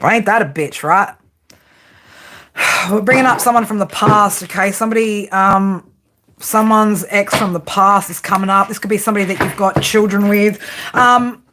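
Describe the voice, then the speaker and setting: A woman's voice: mid-range voice, moderate pace, noisy background. An Australian woman giving a casual tarot reading to her viewers, blunt, teasing and heavily profane. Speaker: tarot reader.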